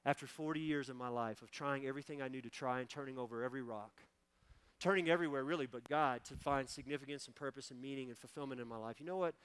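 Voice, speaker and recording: A man's voice: medium pitch, fast, fairly bright tone, smooth, dry recording. A man in his forties, a pastor preaching a sermon and then praying, speaking with fervent emotion and repeating key phrases for emphasis. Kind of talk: sermon ending in prayer. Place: church sanctuary.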